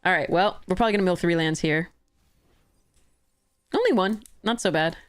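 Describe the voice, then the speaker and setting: Low-voiced chatty woman streamer. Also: normal speed, no echo. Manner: chatty, laughs often, self-correcting. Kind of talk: casual commentary while playing a card game.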